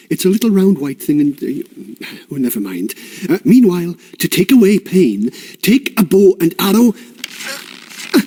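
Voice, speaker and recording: A man's voice: high voice, mellow, slight background noise. A man voicing a chatty, folksy old village wise woman who rambles through her home cures.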